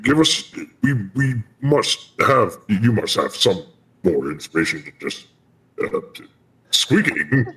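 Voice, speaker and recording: A man playing in a tabletop game, speaking in character in a calming, take-charge way. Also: lowish voice, takes it slowly. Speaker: player. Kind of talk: tabletop role-play, in character.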